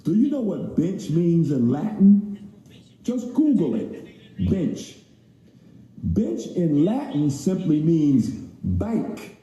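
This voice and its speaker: Animated male lecturer with a comic delivery; dark tone, very roomy echo. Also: on the high side, takes it slowly, pauses often. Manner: animated storytelling, acts out voices. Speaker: speaker teaching about money. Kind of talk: comedic lecture. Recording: echoey room.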